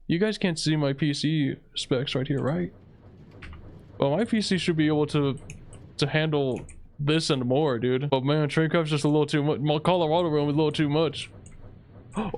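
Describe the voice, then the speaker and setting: A man's voice: on the high side, a little mellow, slight background noise. A young man giving rambling, casual commentary over his own gameplay, saying "dude" a lot. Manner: rambling, laid-back, says "dude" a lot. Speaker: gaming video creator. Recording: faint game music behind. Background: game music.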